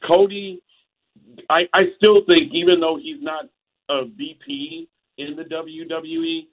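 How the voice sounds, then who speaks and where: A male caller phoning in to a talk show, rambling and slow. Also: on the high side, expressive, vocal fry. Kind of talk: phone-in commentary. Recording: tinny phone line.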